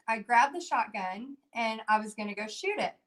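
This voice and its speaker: A middle-aged woman, telling a story in a chatty, animated way during a Facebook Live for her painting class, full of fillers and restarts. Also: fairly high pitch, normal speed. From Texas. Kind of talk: casual livestream storytelling.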